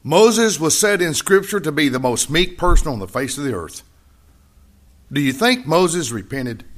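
A man preaching a sermon, repeating key phrases and swinging between loud high emphasis and quiet low asides. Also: very animated, normal speed. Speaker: pastor.

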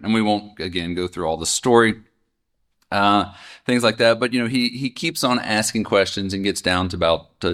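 A man's voice: mid-range voice, fairly bright tone. A man teaching from the Bible in a casual, conversational way, often asking his listeners questions. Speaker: preacher.

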